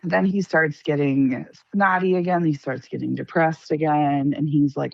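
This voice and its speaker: Low gravelly woman telling her story. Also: moderate pace, hardly any pauses, no room sound, highs cut off. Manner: lively, acts out quoted dialogue. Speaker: interviewee recounting being scammed. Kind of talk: casual first-person storytelling.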